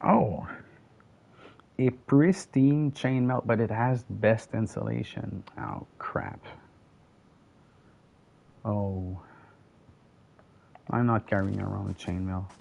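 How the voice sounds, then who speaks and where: Slow, mellow French Canadian man. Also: lowish voice, creaky, highs cut off, slight background noise. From Quebec, Canada. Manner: chatty, rambling, casual swearing. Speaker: gaming channel host. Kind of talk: solo gameplay commentary.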